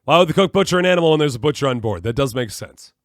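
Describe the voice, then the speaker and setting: Man, game streamer, thinking out loud, animated pitch, mid-range voice. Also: racing, no room sound, studio quality. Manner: puzzling things out aloud, musing to himself. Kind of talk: live gameplay commentary.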